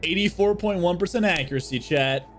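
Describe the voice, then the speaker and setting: A young male streamer with a fairly high voice talks a little fast over faint background music. He casually commentates his gameplay for chat, excitable and jokey, swearing often.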